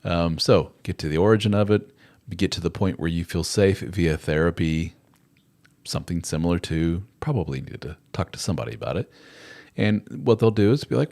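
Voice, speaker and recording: A man's voice: low voice, expressive, a little fast, gravelly, darkish tone. A middle-aged man hosting a live chat, talking in a rambling, conversational way and acting out little quotes in other voices. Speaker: host. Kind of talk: live chat advice talk.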